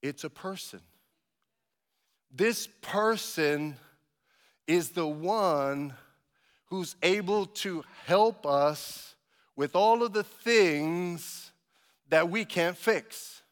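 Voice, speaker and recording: Pastor guy preaching, high bright voice, echoey church hall, gets loud and punchy. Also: extremely slow, pauses often. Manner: rising to loud emphatic preaching, asks the congregation for amens. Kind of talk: sermon.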